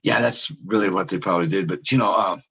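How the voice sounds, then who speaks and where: A man's voice: deep voice, fast talker, vocal fry, pushed and bright, slight background noise, rough recording. A man talking casually as a podcast guest, rambling and sarcastic, with some swearing, about his years as a photographer. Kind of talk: casual chat.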